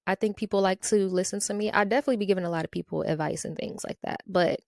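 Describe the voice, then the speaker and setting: A woman's voice: medium pitch, fast talker, creaky, darkish tone, no room sound. A woman from Ohio hosting her own podcast in a casual solo monologue, chatty and playful, tagging her lines with "okay?" and "y'all". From Ohio, USA. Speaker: podcast host.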